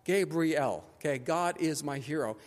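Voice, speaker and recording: A man preaching a sermon as pastor, animated and conversational, acting out the people he quotes. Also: a little high, unhurried. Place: church sanctuary. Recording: long church hall reverb.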